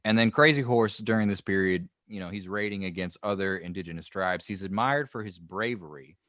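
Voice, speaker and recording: A man's voice: low-pitched, brisk, fairly bright tone, no room sound. A man co-hosting a history podcast, telling the story in a loose, joking way with many restarts. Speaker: podcast co-host. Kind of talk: casual history podcast chat.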